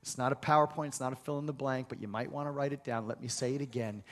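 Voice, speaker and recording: A man's voice: medium pitch, fairly even intonation, fast talker, few pauses. A male pastor delivering an emphatic, repetitive sermon in a church and leading the congregation in call-and-response. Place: church sanctuary. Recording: long reverb of a large hall.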